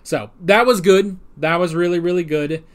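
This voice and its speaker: A man's voice: sits high, normal speed. A man giving a casual, rambling episode commentary with a self-deprecating manner. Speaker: TV show recap vlogger.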